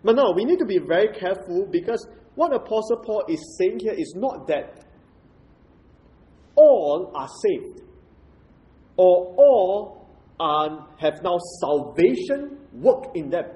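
Lively-pitched man preaching a sermon. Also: poor audio. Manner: measured and explanatory, asks rhetorical questions. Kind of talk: expository sermon.

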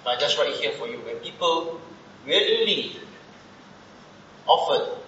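A preacher teaching scripture leads a Bible study sermon, explaining things step by step and often checking in with a questioning "right?". His voice is on the high side, pushed and bright, with lively intonation and a slightly slow pace. The room is echoey, and the sound is dull and muffled with faint background noise.

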